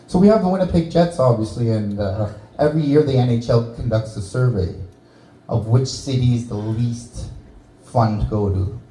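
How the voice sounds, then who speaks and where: A man's voice: medium pitch, moderate pace, dark tone, echoey room, low-quality recording. A Canadian man doing a stand-up set in a small bar, teasing the audience with crude jokes. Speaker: stand-up comedian. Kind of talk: stand-up set with crowd work.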